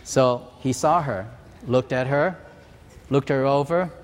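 Preacher in his sixties, long hall echo. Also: mid-range voice. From Hawaii. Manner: storytelling preacher, earnest and measured. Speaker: pastor. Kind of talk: sermon.

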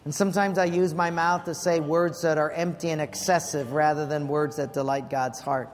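A man's voice: on the high side, steady tone, normal speed, few pauses, in a large hall, faint music behind. A male pastor giving a sermon, telling a personal story with quoted dialogue and then leading a prayer. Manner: storytelling, earnest, quotes dialogue, prays aloud. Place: church sanctuary.

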